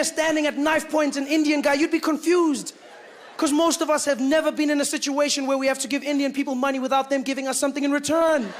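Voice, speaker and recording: A South African man performing stand-up. He talks in a loose, conversational way, full of fillers. His speaking voice sits very high for a man. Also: level tone, fast talker, some chatter behind, a little hiss or hum. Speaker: stand-up comedian. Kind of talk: stand-up comedy.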